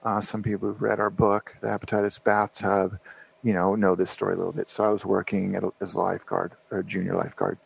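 A man's voice: low-pitched, monotone, fast, vocal fry, slightly rough, poor audio. A man in his fifties, a podcast guest, telling a rambling story with lots of fillers and restarts. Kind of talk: casual storytelling interview.

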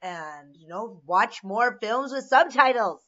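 A woman's voice: on the high side, animated, slow, a bit bright, no echo. Giggly woman comedian on a dull line. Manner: giggly and effusive. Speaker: stand-up comedian, podcast guest. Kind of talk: casual chat. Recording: slightly dull lo-fi audio.

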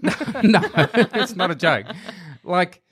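Middle-aged dad, teasing, lively intonation, slightly higher register. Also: male voice, slow pace, husky. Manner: teasing, steers back to topics. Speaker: father. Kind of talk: casual family chat.

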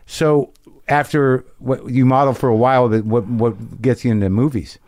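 A man hosting a podcast interview, blunt and casual, with quick affirmations and some swearing. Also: mid-range voice, fairly even intonation, a little mellow, dry recording, clean studio sound. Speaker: podcast host.

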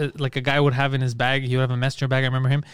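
A man in his thirties co-hosting a podcast, telling stories in casual chat with animated, sometimes yelled, acted-out quotes. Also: medium pitch, clear, resonant tone, no room sound, clean studio sound. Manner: fast, animated storytelling, yells when acting out quotes. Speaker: podcast co-host.

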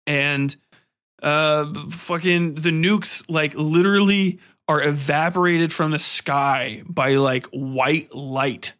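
Male podcast host, young adult, loose profane rambler, bright, slightly high voice. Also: takes it slowly. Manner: profane, rambling, animated storytelling with sung bits. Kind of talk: casual film review rant.

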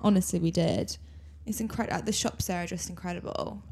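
Young woman, mid pitch, enthusiastic gushing manner, casual podcast co-host. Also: fairly even intonation, quick pace, darkish tone, slightly rough. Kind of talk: casual chat.

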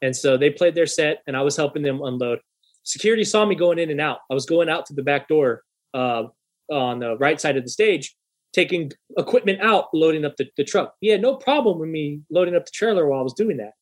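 Young male podcast host, casual storyteller, fairly high voice, lively and profane. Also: fairly quick. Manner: animated, profane, acts out quoted voices.

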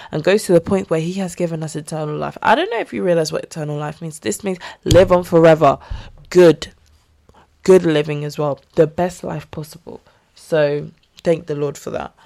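Young woman, solo podcast host, chatty and earnest, slightly low voice. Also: moderate pace, gravelly, dark tone. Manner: chatty, earnest, with frequent fillers and laughs. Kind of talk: casual solo podcast talk on faith.

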